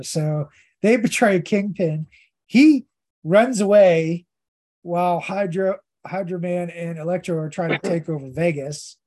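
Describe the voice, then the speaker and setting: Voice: mid-range voice, moderate pace, dark tone. A podcast host giving a casual, rambling recap of a comic story, hesitating often with fillers.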